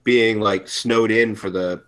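A man co-hosting a podcast in relaxed, joking casual chat. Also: lowish voice, takes it slowly, clean tone. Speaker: podcast co-host.

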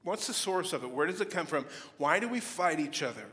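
A middle-aged pastor preaches with a fairly high, lively voice, telling funny stories and slipping into mock voices. His words ring out with a long echo in a church hall. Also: brisk. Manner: humorous storytelling, animated with playful mock voices. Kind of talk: sermon. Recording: reverberant hall.

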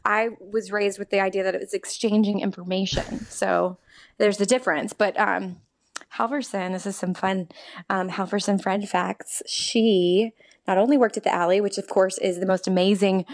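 A bubbly woman from Texas, a theatre actor, talks as a podcast guest over a remote call. Her voice sits at a middling pitch, and she chats freely, breaking into laughter often. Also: fairly even intonation, normal speed. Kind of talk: casual chat.

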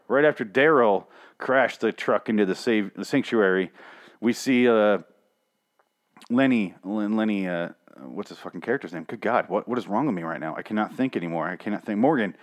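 Young male recapper, lowish voice, rambling sarcastic delivery with lots of swearing. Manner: rambling, sarcastic, swears often, mocks characters in quick put-on voices. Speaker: TV episode recapper. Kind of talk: casual profane episode recap.

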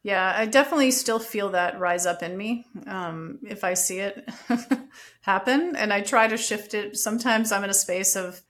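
A woman's voice: mid-range voice, moderate pace, a bit bright. A middle-aged woman telling a personal story in an earnest, reflective way as a podcast guest.

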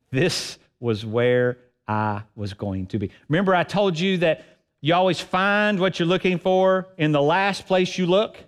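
High-voiced male preacher in a reverberant hall. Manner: earnest, emphatic, repeats phrases for effect. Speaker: pastor. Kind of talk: sermon. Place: church sanctuary.

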